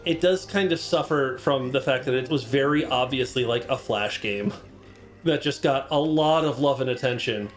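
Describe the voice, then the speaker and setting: A man's voice: medium pitch, moderate pace, soft background music. A man playing a game on a charity stream, casually explaining the game's mechanics and lore with many fillers. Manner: relaxed, explanatory, filler-heavy.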